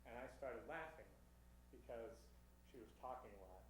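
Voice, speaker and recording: Male comic host, self-deprecating storyteller, mid-pitched, roomy club sound. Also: moderate pace, slight background noise. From Seattle area. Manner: self-deprecating, acts out both sides of his dating stories. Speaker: stand-up comedian and show host. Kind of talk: stand-up comedy set. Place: comedy club stage.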